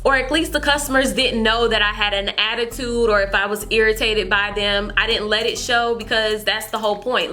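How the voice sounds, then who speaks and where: A young adult woman vlogger telling a storytime to her viewers in an animated way, repeating herself as she goes. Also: mid-range voice. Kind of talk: storytime vlog chat.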